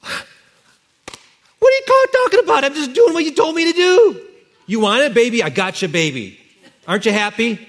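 A man's voice: extremely high pitch, animated, moderate pace, long pauses, voice pushed up. A man voicing a flustered ancient husband, eager to please his wife and talking in an exasperated, coaxing way.

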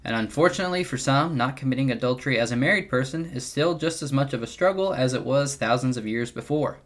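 A young adult man hosting a podcast, giving an earnest, measured devotional teaching with occasional wry asides. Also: mid-range voice. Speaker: podcast host teaching the Bible.

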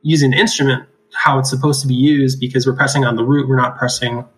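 A man's voice: mid-range voice, level tone, fast, fairly bright tone, poor audio. Laughing man explaining oral surgery. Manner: laughs often, explains with rhetorical "right?". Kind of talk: casual clinical discussion.

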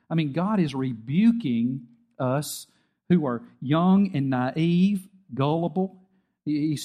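A man's voice: fairly high pitch, lively intonation, measured pace, warm tone. A middle-aged man preaching a sermon as pastor, telling stories with acted-out quotes and emphatic peaks.

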